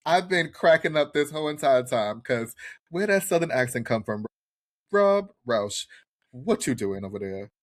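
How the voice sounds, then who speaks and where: A male podcast co-host talks through a reality show episode in loose, casual chat. His voice sits at a mid pitch, and he is animated and profane, slipping into quick impressions of people.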